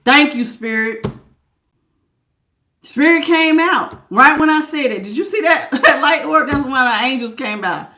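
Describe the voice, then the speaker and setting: Woman tarot reader on a live stream: high voice, blunt tough-love scolding, slangy, roomy echo. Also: unhurried, pushed and bright. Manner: calls listeners "baby", casual slangy talk.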